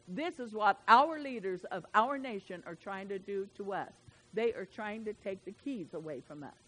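A woman preaching a sermon in a folksy, emphatic way, swinging from loud declarations to soft asides. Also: medium pitch, lively intonation, normal speed, rough recording.

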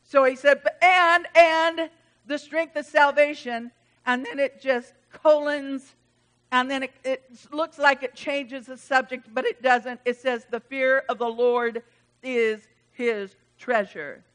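High, bright-voiced woman preaching slowly. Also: steady tone. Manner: impassioned preaching, swelling and dropping in volume. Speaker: pastor. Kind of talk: sermon.

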